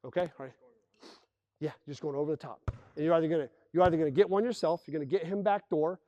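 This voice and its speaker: A man with a fairly high voice talks fast, coaching a basketball team through plays in an indoor gym. He explains with energy, calling out actions and acting out the players' voices. The recording is dry and sounds dull.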